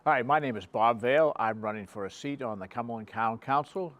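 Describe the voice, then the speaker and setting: A man running for reelection to town council, speaking haltingly with many pauses and fillers. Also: medium pitch. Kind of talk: candidate statement.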